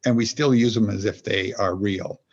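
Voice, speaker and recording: A fairly low-pitched man with a breathy edge speaks at a moderate pace, and the audio has its highs cut off. He's an executive coach on a podcast, telling reflective stories and explaining ideas through everyday examples in an earnest, meandering manner.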